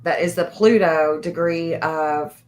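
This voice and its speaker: A woman hosting a casual livestream, reading an astrology chart aloud and thinking out loud in a hesitant, repetitive way. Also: low voice, steady tone, slow pace.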